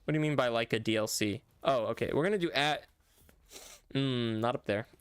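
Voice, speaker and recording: A man's voice: medium pitch, fairly quick, clean tone, no echo. Rambling young-sounding male streamer, dry mic. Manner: rambling, self-correcting, talks back to chat. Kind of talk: casual live-stream chat while gaming.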